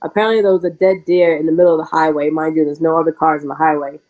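A woman pro wrestler telling a story in a casual interview, chatty and animated, full of "like" and quick laughs. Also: deep voice, narrow, tinny audio.

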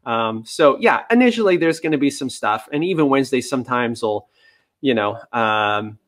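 A man, a dog trainer, answering viewer questions in a relaxed, chatty live-stream style with many fillers. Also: mid-range voice, normal speed.

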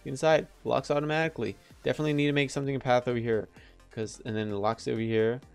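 A man chatting his way through a survival game, excitable and talkative, narrating every move as he thinks aloud. His voice sits at an ordinary middle pitch. Soft background music plays faintly underneath. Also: racing, gravelly, smooth. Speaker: let's play gamer. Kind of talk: casual gameplay commentary.

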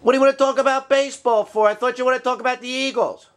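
A man's voice: very high-pitched, steady tone, very fast, a bit bright. A man playing the straight man in a comedy skit, correcting and needling with an exasperated tone. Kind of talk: comedy banter.

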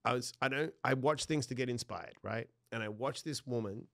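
A man's voice: mid-range voice, moderate pace, no room sound, clean studio sound. A man telling a personal story as a podcast guest, laughing often and acting out the dialogue. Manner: animated, laughs often mid-sentence; acts out dialogue in his stories.

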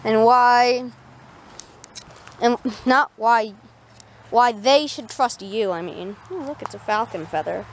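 A chatty woman from Canada films a casual outdoor vlog about taming her chickens. Her voice sits a little high and turns gentle and quiet whenever she speaks to the birds. Faint clucking can be heard around her. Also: slow pace, long pauses, a little hiss or hum. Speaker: vlogger. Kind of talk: casual backyard tutorial vlog.

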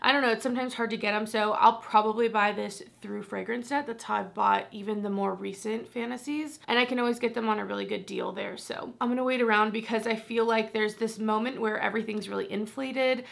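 Chatty young woman with heavy vocal fry. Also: fairly high pitch, fairly even intonation, fairly quick, hardly any pauses. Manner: chatty, rambling, self-deprecating with swearing asides. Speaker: fragrance vlogger. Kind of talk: casual chat.

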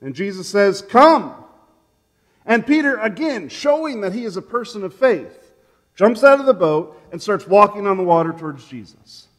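A man pastor preaching a sermon in a church sanctuary, telling the story in an animated way and acting out the quotes. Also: high voice, normal speed, in a large hall.

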